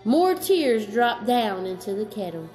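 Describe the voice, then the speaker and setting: A woman reading a children's story aloud as storyteller, gentle and slow, chatting to a child in between. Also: mid-range voice, big pitch swings, faint music behind.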